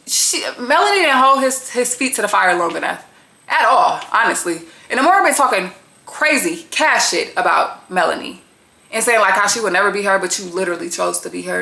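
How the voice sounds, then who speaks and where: Blunt gossipy woman with a gravelly edge. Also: medium pitch, bright, forceful tone, roomy sound. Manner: blunt, gossipy, profane, slangy. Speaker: reality show recapper. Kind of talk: casual recap commentary.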